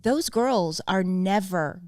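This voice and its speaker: A woman's voice: medium pitch, lively intonation, slow, a little mellow, no echo. A woman in her forties hosting a podcast in casual chat, blunt and emphatic, with frequent swearing. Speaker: podcast host.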